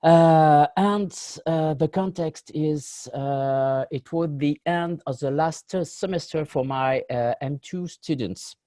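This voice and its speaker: A man with a French accent giving a conference talk over a video call, halting and full of fillers. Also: fairly high pitch, warm tone, no echo. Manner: halting, many fillers, apologetic. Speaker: conference panelist.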